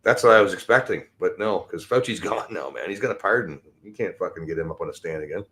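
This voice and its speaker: A man's voice: expressive, quick pace, fairly bright tone. Male podcast host, profane rambling solo rant, agitated and exasperated. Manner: swings between low mutters and high exasperation.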